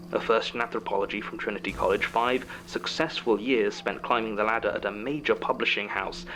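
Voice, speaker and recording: An actor playing a tense, secretive male archivist, speaking in a hushed, suspicious way. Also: fairly low pitch, vocal fry. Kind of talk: audio drama acting. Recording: audio drama with humming noise.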